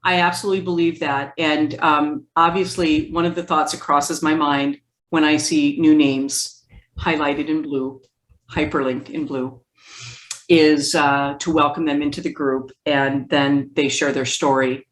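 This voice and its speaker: A woman with a notably low voice tells her story with energy and acts out the lines of others. The conversation echoes in a roomy space. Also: a little slow. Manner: lively storytelling, acts out quoted speech. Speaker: guest therapist. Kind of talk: conversational interview.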